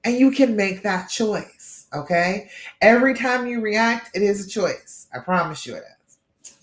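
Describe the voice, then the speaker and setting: A woman's voice: mid-range voice, lively intonation, measured pace. Woman, live coaching host, reassuring, speaks directly to viewers, keeps checking in. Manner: warm, reassuring, talks straight to viewers; frequent "all right?" and "okay?" check-ins. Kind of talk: live-streamed coaching talk.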